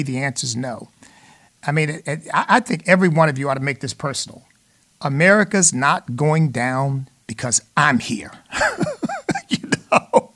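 A man's voice: medium pitch, fairly bright tone. A man hosting a call-in radio show, speaking in a preacherly way that rises to emphatic peaks. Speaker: radio talk show host.

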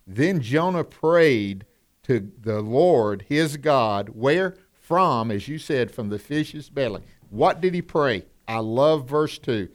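Speaking slowly with an expressive, medium-pitched voice, this man co-hosts a folksy, conversational Bible teaching. He asks his listeners questions and now and then becomes passionate.

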